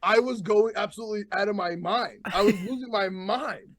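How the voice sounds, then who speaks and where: A man co-hosting a sports podcast, telling a rambling, excited story in casual chat full of "like" and "dude". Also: sits high, a little fast, crowd noise. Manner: animated, rambling, lots of "like" and "dude". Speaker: podcast co-host.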